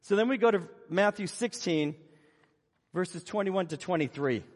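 Man, sermon, lively storyteller, higher voice, husky tone. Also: normal speed. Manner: animated storytelling, acting out Bible scenes. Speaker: preacher. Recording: long reverb of a hall.

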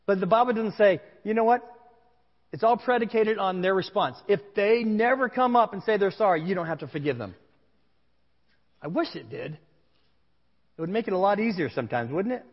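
A male pastor preaches to a congregation in a large room, telling a candid personal story in a conversational way. His voice is high-pitched and animated, brisk, with frequent pauses. The recording sounds dull, with a long hall reverb.

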